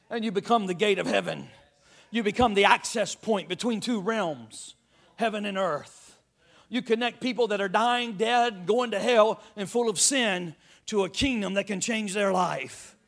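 A man preaching a sermon, emphatic and animated, calling out to the congregation. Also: high-pitched, creaky. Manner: emphatic, call-and-response, animated.

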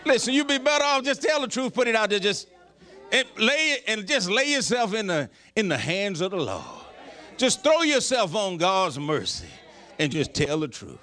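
A pastor preaching a folksy, joking sermon. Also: male voice, sits high, sing-song, moderate pace, pushed and bright, a faint crowd.

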